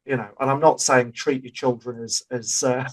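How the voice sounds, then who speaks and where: A man's voice: medium pitch, fairly even intonation, normal speed, rough recording. A man co-hosting a podcast. He talks in an easy, chatty way and explains ideas through everyday examples. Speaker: podcast co-host. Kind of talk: casual chat.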